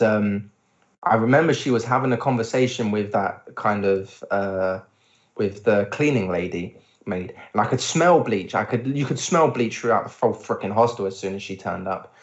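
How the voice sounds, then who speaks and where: A young man co-hosting a podcast in casual chat, animated when telling stories and acting out what others said, swearing freely. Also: lowish voice. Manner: animated storytelling, acts out quotes, swears. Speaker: podcast co-host. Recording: roomy, dull lo-fi sound.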